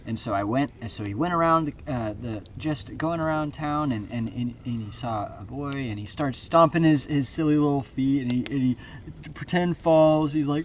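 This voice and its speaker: A man's voice: medium pitch, normal speed, recorded from a distance. A man telling an improvised story outdoors at a campfire, rambling with many fillers and restarts. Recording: outdoor campground noise.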